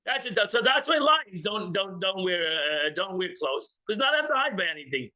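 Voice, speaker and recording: A man's voice: sits high, big pitch swings, normal speed, sharp tone, rough recording. A man teaching an informal religious class, joking with listeners and acting out little scenes. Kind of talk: informal class with audience banter.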